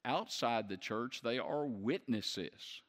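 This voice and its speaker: A man's voice: mid-range voice, takes it slowly, big-room sound. A man preaching a sermon who puts questions to the congregation and builds to emphatic peaks. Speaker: pastor.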